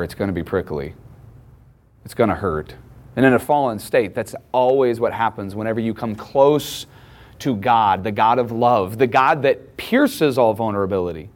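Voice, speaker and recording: Brief: man in his thirties, pastor, preaching with emphatic, conversational delivery. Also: fairly low pitch. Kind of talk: sermon.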